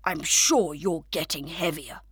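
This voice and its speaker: A woman voicing a gentle man who owns a cat, speaking brightly and coaxingly. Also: sits low, measured pace, husky, dry recording, clean studio sound, pitched below the performer's own voice, heavily acted.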